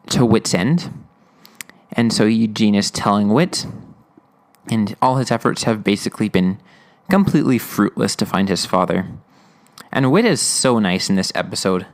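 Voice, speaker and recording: A man hosting a podcast, casually talking through an episode with lots of fillers and laughs. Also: fairly low pitch. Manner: rambling, laughing, many fillers. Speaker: podcast host reviewing episodes.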